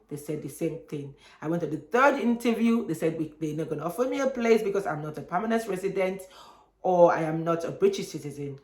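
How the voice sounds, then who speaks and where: A young woman, telling a personal story on her vlog in an animated way and acting out other people's voices. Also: on the low side. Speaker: vlogger. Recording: echoey room.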